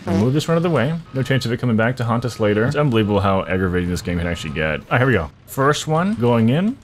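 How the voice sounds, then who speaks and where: A man giving casual, excitable gameplay commentary, swearing a lot and breaking into loud frustrated outbursts. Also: medium pitch, racing, a little hiss or hum. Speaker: gaming video creator.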